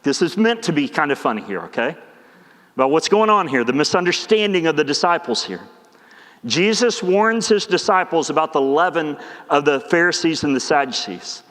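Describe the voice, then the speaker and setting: High-voiced pastor preaching in a reverberant church. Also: male voice, a bit bright. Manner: conversational preaching, acts out the disciples in quick asides. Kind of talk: sermon. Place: church sanctuary. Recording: long church hall reverb.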